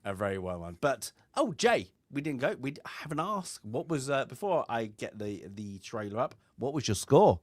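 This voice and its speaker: A man's voice: mid-range voice, very animated, normal speed, few pauses, darkish tone, no room sound. A man co-hosting a film review chat, talking in a rambling way with many fillers and restarts. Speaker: film club co-host.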